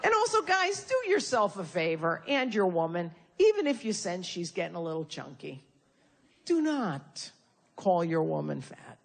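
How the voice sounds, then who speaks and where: A woman's voice: on the low side, sing-song, moderate pace, gravelly. A woman from Connecticut doing a stand-up comedy set, brash and profane with punchy insult jokes. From Connecticut, USA. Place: live comedy venue with audience.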